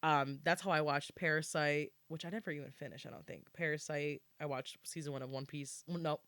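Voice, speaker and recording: A woman's voice: fairly quick, no echo. A woman co-hosting a podcast in casual chat, telling stories and acting out quotes in squealing voices. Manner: animated storytelling, acts out quotes in high squeals. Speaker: podcast co-host.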